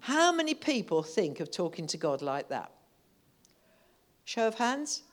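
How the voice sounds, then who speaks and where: A woman's voice: medium pitch, sing-song, a little slow. A woman preaching a sermon in church, building from conversational teaching into impassioned, fervent calls. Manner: impassioned, rising to fervent outbursts.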